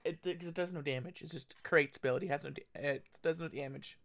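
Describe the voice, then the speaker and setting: A man's voice: on the high side, fast talker, a bit bright. A man playing in a tabletop game, talking in character in a rambling way, often restarting his sentences. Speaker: player.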